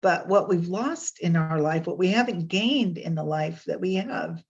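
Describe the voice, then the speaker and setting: An unhurried woman with a lowish voice leads a casual online session over a video call, picked up by her webcam. It's a spoken reflection with readings, chatty and wandering, with fillers and restarts, and the lo-fi recording sounds slightly dull.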